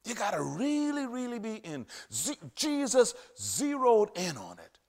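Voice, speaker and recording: A man preaching a sermon, emphatic and repetitive, with sudden loud rises. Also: sits high, wildly swooping pitch, unhurried, few pauses.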